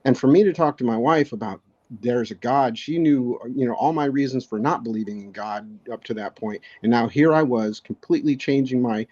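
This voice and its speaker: Low-key, reflective man on a podcast. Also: mellow. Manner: halting, reflective, frequent restarts. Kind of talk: casual conversation. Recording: dull lo-fi sound.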